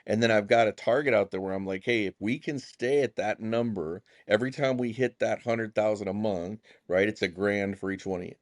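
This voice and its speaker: Man, very low voice, rapid, dry recording, folksy, animated storyteller, contractor guest. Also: no echo. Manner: animated, acts out dialogue in quick bursts; casual, folksy phrasing. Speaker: contractor and pastor, podcast guest. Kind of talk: casual storytelling interview.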